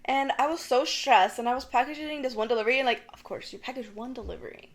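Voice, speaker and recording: Young woman on a chill podcast, talks super fast, tons of "like" and "girl", acts out her stories. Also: sits high. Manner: animated storyteller, acts out her own panicked shouts; swears casually, says "like" and "girl" often. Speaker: podcast co-host. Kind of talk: casual chat.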